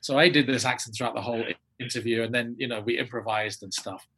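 An English actor recounts a story from his career, throwing himself into the voices of everyone he quotes. His tone is a little husky, and his delivery is animated and conversational. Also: medium pitch, fast. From England. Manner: animated, acts out quoted people in changing voices. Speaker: actor, guest. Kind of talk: anecdotal storytelling.

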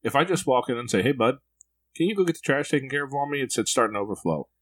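A man's voice: medium pitch, expressive, very fast. A man in casual conversation, candidly telling reflective personal stories as a podcast co-host.

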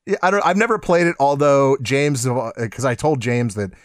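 Animated man chatting about games. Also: medium pitch, moderate pace, no room sound, studio quality. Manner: animated, laughing, mimics voices in quotes. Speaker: podcast co-host. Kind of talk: casual gaming chat.

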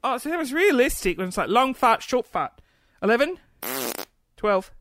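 A woman's voice: a little high, very animated, normal speed, heavy background noise. A woman hosting a casual stream, chatty and playful, giggling and gasping as she reads out comments. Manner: giggly, chatty, playful, with gasps and little asides. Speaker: livestream host. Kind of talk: casual chat, reading viewer comments.

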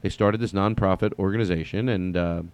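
A man with a slightly low voice hosts a solo comedy podcast. He rambles casually, restarts his sentences and swears freely. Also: steady tone, fairly quick, a little mellow, clear, resonant tone.

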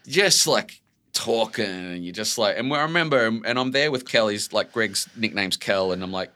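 A man in his forties with an Australian accent, a guest telling stories in an animated way, full of "like" and casual swearing. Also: on the low side, moderate pace. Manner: expressive, fills speech with "like", swears casually. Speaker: author guest. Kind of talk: animated conversational storytelling.

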